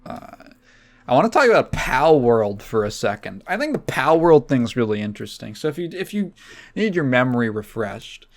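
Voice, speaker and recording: A man's voice: mid-range voice, sing-song, normal speed. A tired man rambling casually as he hosts his solo podcast, with many restarts. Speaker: podcast host.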